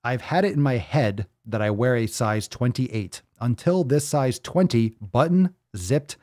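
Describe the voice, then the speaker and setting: A man hosts a fitness live stream in a mid-pitched voice, reacting to viewer posts with blunt, profane emphasis. He hammers his points by repeating them. The sound is dry and close, with no room around it. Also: lively intonation, unhurried, darkish tone, no room sound. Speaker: fitness podcast host.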